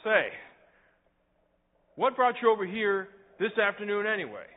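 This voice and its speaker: A man playing a young pastor, hurt but gentle and patient with a boy. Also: sits high, sing-song, normal speed. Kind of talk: church cantata drama. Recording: tinny lo-fi recording.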